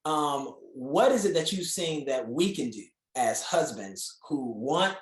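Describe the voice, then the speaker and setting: A man's voice: on the high side, lively intonation, slow pace, roomy sound, low-quality recording. A man hosting an interview, eager and friendly, often stammering and repeating words as he asks his questions. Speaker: host.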